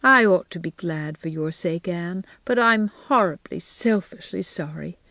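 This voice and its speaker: A woman's voice: on the low side, measured pace, sharp tone, dry recording. A woman putting on a wistful, lilting spinster. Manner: sighing, lilting, given to sudden bursts. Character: wistful, dreamy older unmarried woman.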